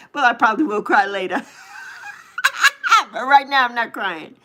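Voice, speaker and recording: A woman's voice: a little high, animated, sharp tone. A middle-aged woman hosting a live chat with viewers, emotional and affirming as she talks about spiritual connection. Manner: emotional, slow and heartfelt, reads viewers' names. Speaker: livestream host.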